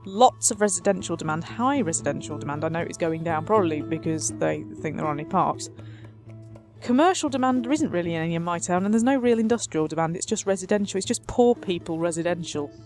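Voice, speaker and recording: A woman's voice: on the low side, brisk, a little mellow. A woman doing casual gameplay commentary as a let's play host, chatty and sarcastic, talking back to the game, with faint music behind her.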